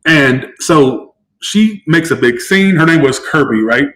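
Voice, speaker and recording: A man's voice: a little high, lively intonation, a little slow, fairly bright tone, low-quality recording. A man giving a casual live-stream tarot reading, chatty and emotional, swearing freely. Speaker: tarot reader.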